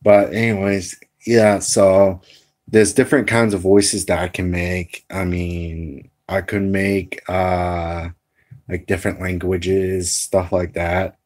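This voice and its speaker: A man's voice: deep voice, flat delivery, slow pace, darkish tone. A man talking casually in a vlog, rambling and hesitant with many fillers as he shows off voices and animal noises. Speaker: amateur voice impressionist.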